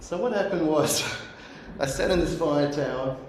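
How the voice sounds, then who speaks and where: A man's voice: on the high side, unhurried. Middle-aged man, sermon storytelling, earnest, echoey church hall, faint room hiss. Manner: earnest storytelling, acts out remembered voices. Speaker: guest speaker. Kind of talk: sermon told as personal story. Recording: roomy echo.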